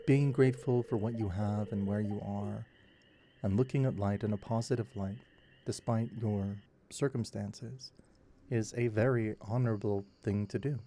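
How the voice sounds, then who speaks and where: A man giving slow, soft, musing commentary over a farming video game, meant to help listeners fall asleep. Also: fairly low pitch, gravelly, slight background noise. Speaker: gameplay commentator. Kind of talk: relaxed sleep gameplay commentary.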